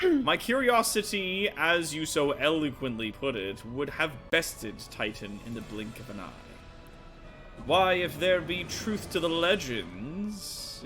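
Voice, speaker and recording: A man voicing a cold, condescending imperial lord who speaks in a hushed, measured, sinister way. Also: a little high.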